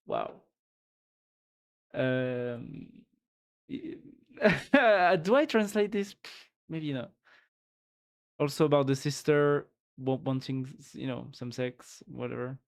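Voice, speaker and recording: A man's voice: mid-range voice, expressive, very slow, vocal fry, long pauses. A man with a French accent, a native French speaker, chatting casually on a live stream, laughing often and repeating words as he searches for phrasing. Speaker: livestreamer. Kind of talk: casual chat reacting to a video on a live stream.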